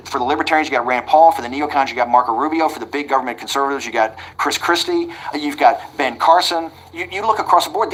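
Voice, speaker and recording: Fast-talking blunt man in his sixties. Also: on the high side, a bit bright, slightly rough, low-quality recording. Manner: blunt, combative, restarts and repeats words. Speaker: interview guest. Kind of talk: animated interview storytelling.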